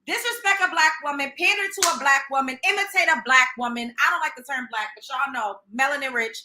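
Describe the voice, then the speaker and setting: A woman's voice: high voice, fast talker, noisy background. A woman hosting a livestream, reacting in a profane, sarcastic, emphatic rant. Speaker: livestream host. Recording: roomy echo.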